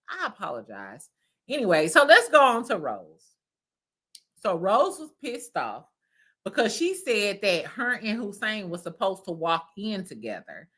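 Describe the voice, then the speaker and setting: A woman's voice: medium pitch, wildly swooping pitch, a little slow, pushed and bright. A woman hosting a casual reality TV recap, with profane, laughing gossip. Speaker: host. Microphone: streaming mic.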